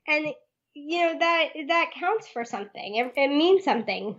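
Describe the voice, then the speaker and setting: A woman's voice: high voice, moderate pace, highs cut off. A woman shop owner telling stories in a casual interview, laughing often and acting out the voices of the people she quotes. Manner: lively storyteller, laughs often. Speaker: Etsy shop owner, guest.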